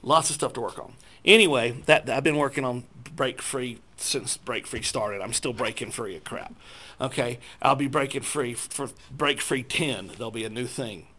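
A man telling a self-deprecating personal testimony to a church group, acting out his own thoughts in lively voices. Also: mid-range voice, moderate pace. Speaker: speaker sharing a personal testimony.

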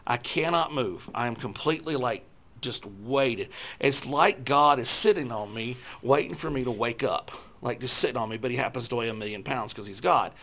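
A man telling a self-deprecating personal testimony to a church group, acting out his own thoughts in lively voices. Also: medium pitch, moderate pace. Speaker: speaker sharing a personal testimony.

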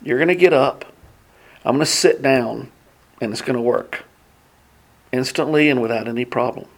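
A man teaching a Bible class in a casual way, telling personal stories earnestly and excitedly, often restarting his sentences. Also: medium pitch, moderate pace.

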